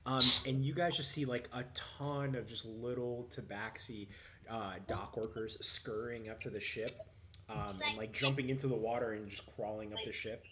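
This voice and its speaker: A man's voice: mid-range voice, fairly even intonation, normal speed, background noise. A man running a tabletop game as game master, narrating loosely with many fillers.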